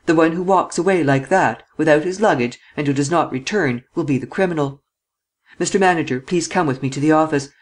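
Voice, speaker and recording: Grumpy chief detective in an audiobook barking orders, snappy and curt, slightly high voice, man reading. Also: brisk, lightly acted. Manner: curt, commanding. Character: curt ill-tempered male chief detective.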